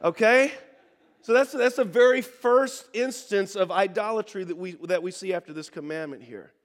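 A man's voice: high voice, moderate pace, big-room sound. A male pastor preaching a sermon, telling stories, acting out the people he quotes and calling on the congregation to respond. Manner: storytelling, acts out the people he quotes.

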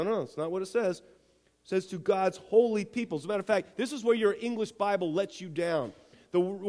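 A man's voice: high voice, a little mellow. A male pastor preaching a sermon and reading scripture, emphatic, repeating phrases and firing rhetorical questions at the congregation. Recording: long hall reverb.

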